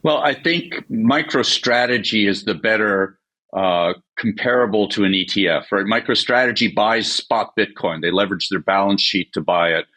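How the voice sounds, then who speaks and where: A middle-aged man, a company CEO, explaining markets in a measured way with frequent fillers in a business interview. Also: on the low side, fairly bright tone.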